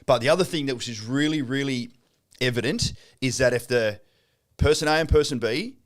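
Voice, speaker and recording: An Australian man talks quickly in a relaxed studio podcast, his pitch sitting in a middle register. He is blunt and sweary and swings into animated storytelling as he coaches listeners. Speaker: property coach and co-host. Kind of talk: casual studio podcast chat.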